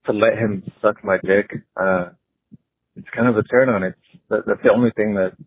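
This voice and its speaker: A man in his thirties leaving a hesitant voicemail confession, full of pauses and fillers. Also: fairly low pitch, fairly even intonation, breathy edge, dry recording. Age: 30s. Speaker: caller. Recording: tinny phone line.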